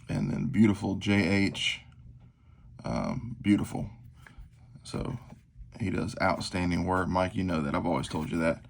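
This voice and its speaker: A man in his 40s with a low voice and vocal fry runs a knife collector vlog, showing off his gear on a tabletop at home. He talks casually and rambles, using lots of fillers and self-deprecating asides.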